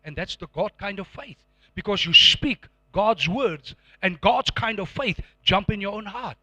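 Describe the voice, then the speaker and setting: A man's voice: extremely high pitch, sharp tone, dry recording. A middle-aged man preaching a sermon to a congregation, emphatic and repetitive, with call-and-response prompts. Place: church before a live congregation.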